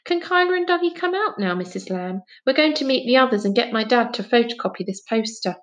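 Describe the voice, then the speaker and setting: A bright, eager young girl from a children's storybook, as a woman reader puts her on. The voice lifts well above the reader's own and sounds keen and friendly. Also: a little high, expressive, brisk, close to an everyday voice.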